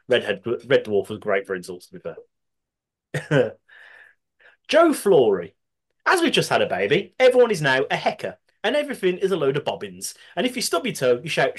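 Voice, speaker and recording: A man's voice: mid-range voice, slightly rough. A man with a Brummie accent, co-hosting a podcast, reading out listener submissions with frequent laughter and casual swearing. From Birmingham, England. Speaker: podcast co-host.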